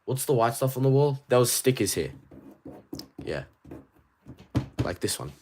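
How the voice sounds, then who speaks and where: A man with an Australian accent chatting casually on a livestream, reading viewers' questions aloud and answering in a rambling, animated way. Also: medium pitch. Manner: rambling and animated, quick asides. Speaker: toy collector streamer.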